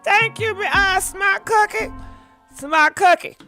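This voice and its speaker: Call-in show host, woman, chatty and upbeat, bright tone, faint music behind. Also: very high voice, slow pace. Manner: chatty, encouraging, addresses listeners directly. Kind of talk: casual chat.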